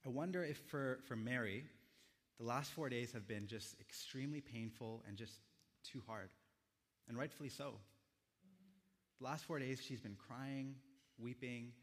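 A young man preaching a sermon as a pastor, in a gentle, reflective storytelling manner with quiet pauses. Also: mid-range voice, in a large hall.

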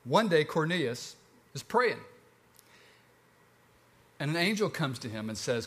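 A man with a Southern accent preaching a sermon, telling the story in a relaxed, conversational way with lively ups and downs. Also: fairly high pitch, a little slow, long pauses, husky. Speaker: pastor.

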